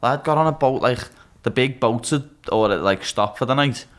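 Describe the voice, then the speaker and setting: A man in his twenties from Liverpool with a Scouse accent, chatting on a podcast and telling rambling, swear-filled stories in an animated way. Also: mid-range voice, moderate pace. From Liverpool, England. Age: 20s. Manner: swears freely, tells rambling anecdotes, animated. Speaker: guest, mixed martial arts fighter. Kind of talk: casual podcast chat.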